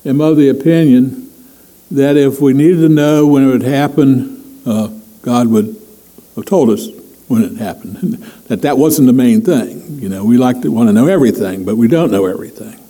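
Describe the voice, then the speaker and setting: Mellow-voiced chatty male preacher. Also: medium pitch, normal speed, poor audio. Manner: chatty, chuckles often, many fillers. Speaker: pastor. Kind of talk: conversational sermon.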